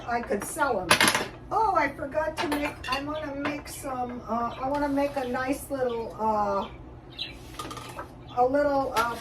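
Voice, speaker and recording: A high-voiced older woman rambles slowly through her kitchen routine, stopping often with ums and restarts. She sounds set back from the microphone, with a faint hiss underneath. The tone is a casual home vlog. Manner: rambling, chatty, frequent fillers and restarts. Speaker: YouTube vlogger. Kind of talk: casual cooking and budget chat. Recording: distant mic with faint background noise.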